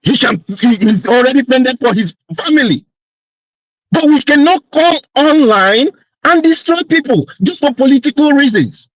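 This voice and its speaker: A man with a very high voice argues his point insistently on an online panel, repeating himself to drive it home. The sound is dry and close, with no room around it. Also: animated, normal speed, dry recording, highs cut off. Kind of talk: heated online panel debate.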